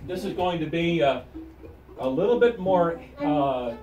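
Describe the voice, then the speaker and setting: Animated male music teacher in an echoey room. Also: a little high, a little slow, dull audio. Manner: animated, counts the class in, call-and-response drills. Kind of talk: classroom instruction. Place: school music room with string ensemble. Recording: echoey room, recorded from far off, strings playing.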